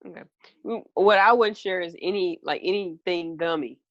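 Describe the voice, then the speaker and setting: A woman's voice: lowish voice, moderate pace, highs cut off. Blunt, laid-back woman co-host. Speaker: podcast co-host. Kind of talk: casual chat.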